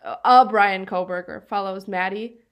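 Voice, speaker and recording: A woman's voice: medium pitch, steady tone, normal speed, smooth. A woman from northeastern Pennsylvania co-hosting a true-crime podcast, chatting casually with lots of fillers. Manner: chatty, filler-heavy, laughs often. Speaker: podcast co-host.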